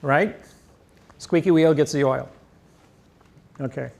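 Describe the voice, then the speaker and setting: A man's voice: on the high side, takes it slowly, vocal fry, a little mellow. A man lecturing on grammar, rambling emphatically and boasting about himself. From United States. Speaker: seminar lecturer.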